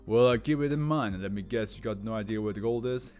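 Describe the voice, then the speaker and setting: A man voicing a persistent male police interrogator, asking measured, probing questions. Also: on the low side, a little mellow, faint music behind, lightly acted.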